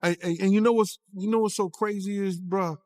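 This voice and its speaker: A man's voice: high-pitched, steady tone, a little fast, darkish tone, dry recording. Emphatic man in a dry recording. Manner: streetwise, emphatic, repeats words. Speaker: commentator in a clip. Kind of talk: casual talk.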